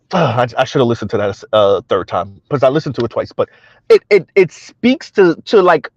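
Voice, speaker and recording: A man's voice: mid-range voice, big pitch swings, moderate pace, dry recording, muffled recording. A middle-aged man hosting a casual livestream, reading chat aloud, loose and colloquial, with frequent chuckles. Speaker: livestream commentary host.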